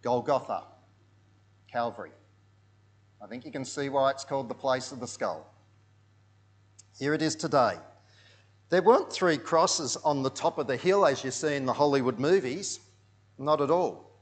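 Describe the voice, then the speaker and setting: A man delivers a sermon as a vivid story, walking listeners through pictures on screen. His voice sits at an ordinary middle pitch. He sinks to near-hushed tones for solemn moments and swells loud for the big ones. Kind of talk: sermon narrated over pictures.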